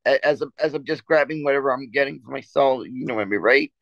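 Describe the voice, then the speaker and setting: A man's voice: medium pitch, quick pace, gravelly, a bit bright, no echo, highs cut off. A man co-hosting a casual sports podcast, telling a story in a rambling way with many restarts and stammers. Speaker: podcast co-host.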